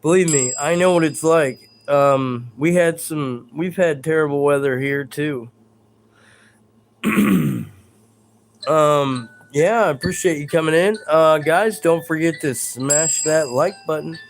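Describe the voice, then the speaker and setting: A man's voice: on the high side, slow, a little hiss or hum. A man hosting a live stream in a casual, rambling chat, reading out viewer comments and stumbling over his words in a self-deprecating way.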